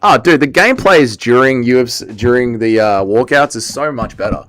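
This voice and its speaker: A young man live-streaming, chatting casually and excitably while he plays, swearing and reading chat aloud. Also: mid-range voice, moderate pace. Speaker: livestreamer.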